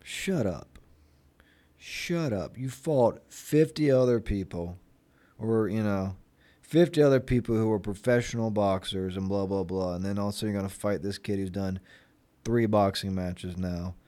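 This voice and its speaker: Talking to the camera at a moderate pace, this young man from Florida has a mellow, lowish voice and rambles casually with plenty of fillers. He gets biting and sarcastic over annoyances before returning to relaxed chit-chat as a vlogger.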